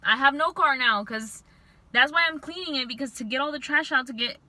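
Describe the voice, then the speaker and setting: A young woman vlogger telling a storytime to camera, venting in an animated, frustrated way. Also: high-pitched, a little fast, dry recording.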